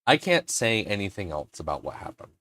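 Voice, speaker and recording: A man's voice: low voice, very animated, brisk, pushed and bright, dry recording, studio quality. A man hosting a livestream, telling an emotional story in a casual way, swearing now and then and getting choked up. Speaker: livestream host.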